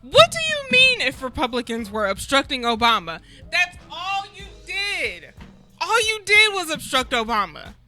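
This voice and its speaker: A woman's voice: high-pitched, wildly swooping pitch, unhurried, over music. Sarcastic woman co-hosting a talk show. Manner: incredulous, sarcastic, rhetorical questions. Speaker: guest co-host. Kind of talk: casual talk show chat.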